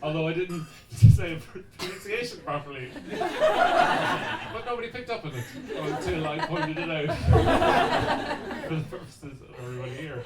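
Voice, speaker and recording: A man from the Irish Midlands speaks with an Irish accent and a lively, bouncing delivery that sits a little high. He teases the crowd playfully and pokes fun at himself. He is caught from out in an echoey pub room, with loud laughter and chatter all around him. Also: unhurried. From Ireland, Midlands. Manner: playful, self-mocking banter with the crowd. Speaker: stand-up comedian. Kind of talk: stand-up comedy set. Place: small pub comedy room. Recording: echoey room from far off with loud audience noise. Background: audience laughter.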